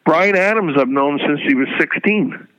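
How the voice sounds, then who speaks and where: Older man telling music-industry stories, brisk. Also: a little high, no echo. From Canada. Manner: animated storyteller, repeats words. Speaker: guest, music journalist. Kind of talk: anecdotal interview talk. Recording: dull lo-fi sound.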